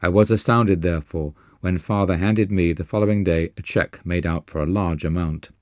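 A man narrating a memoir as an audiobook, with an earnest, measured reading. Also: low voice, steady tone, darkish tone, no echo, studio quality.

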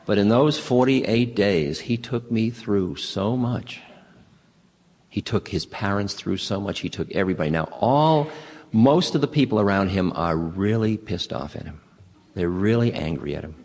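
A man with a very low voice gives a spiritual talk, winding through anecdotes at an unhurried pace with halting restarts. His voice rings with a long echo, as if it were recorded in a large hall. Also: darkish tone, a little hiss or hum. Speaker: spiritual teacher.

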